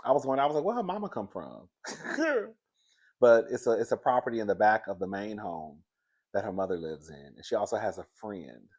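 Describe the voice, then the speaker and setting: A man in a casual, gossipy chat recapping a reality show, animated and laughing often, speaking. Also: on the low side, fast talker. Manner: chatty, gossipy and animated, laughs often, says "girl" a lot.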